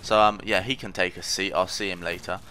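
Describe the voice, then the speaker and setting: A man's voice: low voice, flat delivery, brisk, pushed and bright, clean tone. A man giving casual commentary over his own gameplay, rambling, mocking himself and trash-talking opponents. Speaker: gaming commentator.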